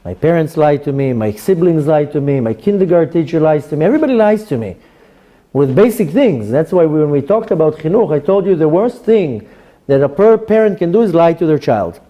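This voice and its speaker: Acting out small dialogues in an animated way, a rabbi teaches a Torah class to a live audience. His voice is a little high and fairly quick.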